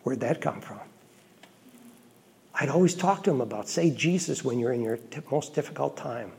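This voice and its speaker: A Catholic priest, a middle-aged man, telling a personal story in a homily in an earnest, reflective way with quiet asides. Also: mid-range voice, moderate pace, gravelly, husky.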